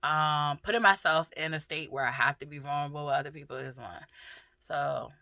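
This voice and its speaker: Middle-aged woman, personal vlog, raw and candid, swears, bright voice, dry sound. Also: deep voice, a little fast, no echo. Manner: raw, emotional, swears freely, many fillers. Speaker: vlogger.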